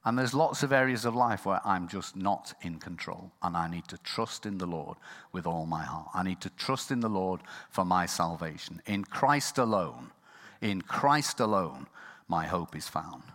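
A lower-pitched man preaches as pastor in a church, his voice bright and forceful. He talks in an earnest way and sometimes drops to a hushed tone. A long hall reverb trails every phrase. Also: normal speed. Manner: earnest, softening to a hushed close. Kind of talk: sermon.

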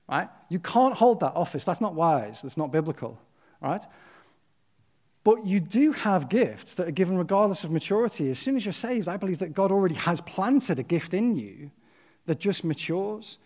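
A man's voice: high voice, sing-song, moderate pace, a little mellow. A man preaching a sermon, earnest and conversational, often checking in with his listeners. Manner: emphatic, impassioned.

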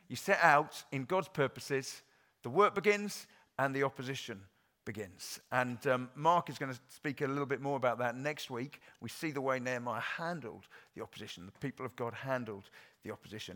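A man's voice: medium pitch, sharp tone. A middle-aged male pastor from Wales giving an earnest, conversational sermon, with frequent ums and uhs.

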